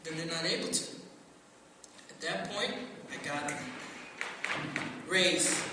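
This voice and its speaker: Guy doing stand-up, high lively voice, far off in an echoey room with noise. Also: slow pace. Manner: animated storytelling, acting out other people in high voices. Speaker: stand-up comedian. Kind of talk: stand-up practice set. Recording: roomy echo, far from the mic, noisy.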